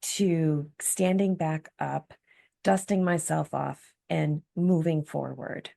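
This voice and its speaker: A woman's voice: deep voice, steady tone, slow pace, vocal fry, dark tone. A woman guest, an empowerment coach, telling her personal story of recovery in an earnest, reflective way. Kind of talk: candid personal story in interview.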